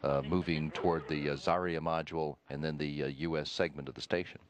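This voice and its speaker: A man giving live broadcast commentary, explaining steadily with frequent "uh" pauses. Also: rumbling low, steady tone. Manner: measured, explanatory, many "uh" pauses. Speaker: mission commentator.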